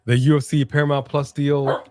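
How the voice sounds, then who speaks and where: A man co-hosting a live wrestling watch-along stream in casual chat, loosely joking and reading out viewer shout-outs. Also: fairly high pitch, flat delivery, moderate pace, slight background noise.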